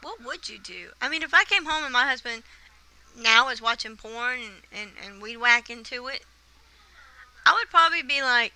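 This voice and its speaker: Woman vlogger, 30s, casual indignant storyteller, keen bright tone. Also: fairly high pitch, expressive, normal speed, no echo, low-quality recording. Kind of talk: casual rant to camera.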